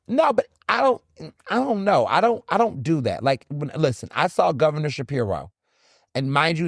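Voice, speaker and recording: A man's voice: medium pitch, dry recording, clean studio sound. A man from the American South hosting a solo podcast, talking bluntly and animatedly, swearing freely and acting out encounters. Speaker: podcast host. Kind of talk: casual solo commentary.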